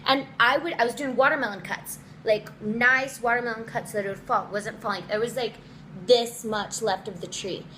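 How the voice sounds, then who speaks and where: A young woman telling a personal story in a casual storytime vlog, animated, with lots of swearing and acted-out quotes. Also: normal speed, slight background noise, low-quality recording. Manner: animated, swearing, quotes people in voices, dramatic pitch jumps.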